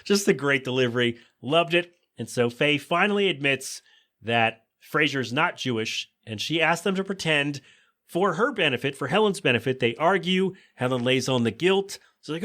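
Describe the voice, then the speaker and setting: A man hosting a podcast, recapping a sitcom episode in a casual, joking way and quickly voicing the characters' lines. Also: medium pitch, expressive, sharp tone. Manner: chatty, joking asides, quick quoted voices of characters. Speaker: podcast host.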